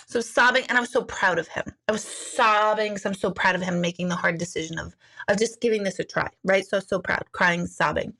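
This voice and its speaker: Bright-voiced chatty woman in her forties. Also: brisk. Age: 40s. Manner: chatty, candid, rambling with many fillers; jumps high into exaggerated quoted voices. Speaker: intuitive live streamer. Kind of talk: casual live-stream chat.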